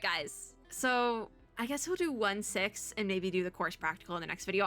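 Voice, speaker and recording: Bright-voiced young woman gaming. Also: mid-range voice, expressive, normal speed, hardly any pauses, soft background music. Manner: chatty, rambling, laughs often. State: losing her voice. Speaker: gaming content creator. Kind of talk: casual let's-play commentary.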